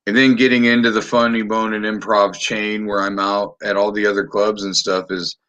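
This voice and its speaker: A man with a lowish, fairly bright voice speaks at normal speed with a flat delivery, recorded on dull-sounding audio. Hosting a podcast, he chats casually and animatedly, swears freely, and often restarts his sentences.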